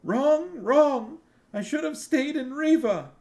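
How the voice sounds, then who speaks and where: Tiny fiery princess, super high and teary, begging and wailing. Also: male voice, lively intonation, slow pace, darkish tone, heavily acted. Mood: sobbing. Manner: high, tearful and pleading. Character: young princess, small, fiery and distraught. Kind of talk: reading a novel aloud.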